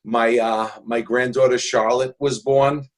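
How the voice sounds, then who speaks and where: A man in his sixties from New York City tells stories as a guest in a casual interview, earnest and jokey, rambling with many restarts. His mid-range voice stays steady and unhurried.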